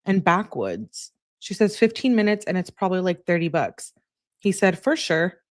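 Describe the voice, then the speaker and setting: A woman's voice: fairly low pitch, big pitch swings, moderate pace, no room sound, studio quality. A woman hosting a true-crime channel, reading text messages aloud and adding chatty asides between the lines.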